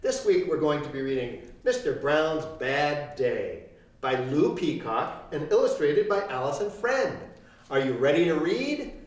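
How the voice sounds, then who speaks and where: A man, a library director, reading a picture book aloud for a children's storytime in an expressive way. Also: fairly high pitch, a little slow.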